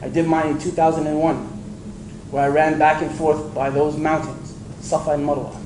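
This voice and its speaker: High-voiced man preaching in an echoey hall. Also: moderate pace. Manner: animated, acts out quoted voices for humor. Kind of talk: storytelling religious lecture. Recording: echoey hall with faint ambient noise.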